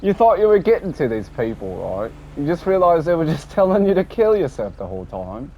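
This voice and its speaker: A man rambling casually about an online game session, swearing often and tacking on a low, dropped "mate". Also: sing-song, brisk, mellow. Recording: dull lo-fi audio with faint background noise.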